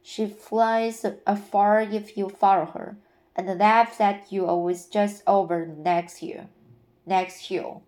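A patient, imaginative young woman from a storybook audiobook, read by a woman. She speaks gently and slowly, in a storytelling way, with a mid-pitched voice. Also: fairly even intonation, natural voice. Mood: gentle.

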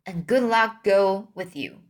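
A woman's voice: mid-range voice, animated, slow pace. A woman voicing a grown man, a proud and fussy boat owner who grumbles and then turns hearty, in a storybook reading.

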